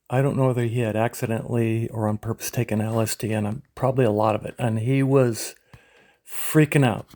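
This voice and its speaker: A man in his seventies from California, telling rambling memories of his youth, halting often as he searches for names. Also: medium pitch, darkish tone, no echo. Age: 70s. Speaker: memoirist. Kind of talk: reminiscing memoir narration.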